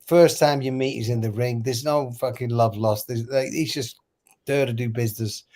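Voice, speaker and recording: A man in casual conversation who talks haltingly, with many fillers. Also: mid-range voice, fairly even intonation, a little mellow. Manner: halting, full of "you know" fillers. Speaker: guest.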